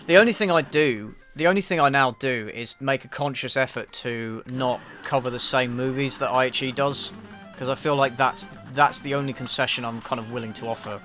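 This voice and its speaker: A man's voice: mid-range voice, a little fast, a bit bright, faint music behind. An English man chatting casually on a live stream, answering viewers in a dry, self-deprecating, offhand way. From England. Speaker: YouTube reviewer streaming a game.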